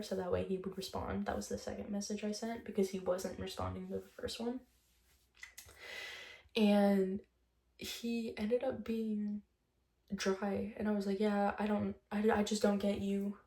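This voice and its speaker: A woman's voice: mid-range voice, flat delivery, moderate pace, creaky, mellow, roomy sound. A young woman vlogger telling a breakup story in a chatty, casual monologue, swearing often and retelling conversations line by line.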